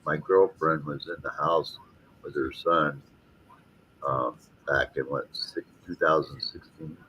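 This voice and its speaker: A man's voice: extremely low pitch, fairly even intonation, takes it slowly, pushed and bright, slight background noise. A middle-aged man, chatting casually and saying dude and you know a lot. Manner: laid-back, peppers speech with dude and you know. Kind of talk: casual chat.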